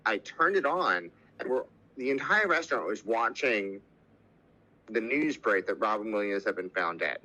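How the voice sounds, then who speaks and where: A man's voice: on the low side, sharp tone, poor audio. A man, a podcast guest, telling a candid personal story with emotion, swearing and acting out what others said.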